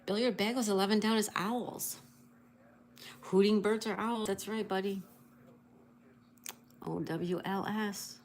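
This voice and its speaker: A woman's voice: mid-range voice, steady tone, a little slow, pauses often, darkish tone, a little hiss or hum. A woman hosting a casual livestream, greeting viewers, reading chat aloud and spelling out crossword answers. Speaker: livestream host.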